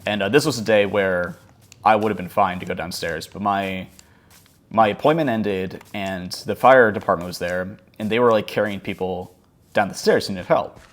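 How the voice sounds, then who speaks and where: Guy with a lowish voice rambling thru a story while gaming, tons of "like"s. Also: moderate pace. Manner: rambling, full of fillers like "like" and "um". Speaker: gaming channel host. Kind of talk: casual storytelling over gameplay.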